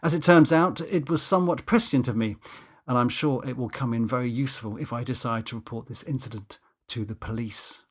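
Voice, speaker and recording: A man's voice: mid-range voice, a little fast, natural voice. A man doing a pompous, indignant cinematographer. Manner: indignant, lecturing, stiff formal wording. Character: pompous, touchy male cinematographer, adult.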